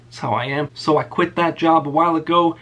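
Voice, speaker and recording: The speaker, a young YouTuber, talks a little fast in a fairly high, steady, slightly bright voice. He delivers a storytime rant about an old job, sarcastic, blunt, and heavy on profanity.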